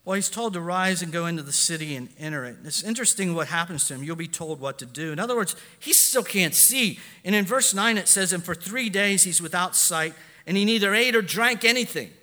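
A man's voice: sits high, expressive, fairly quick, hardly any pauses, sharp tone. A man preaching a sermon as pastor, building emphasis and acting out quotes in his own voice. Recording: long echo of a large hall.

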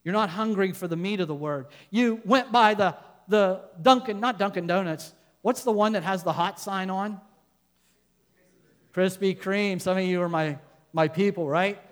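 A man preaching a sermon as a pastor, building to loud emphatic points and then dropping to quiet asides. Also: high-pitched, normal speed, long reverb tail.

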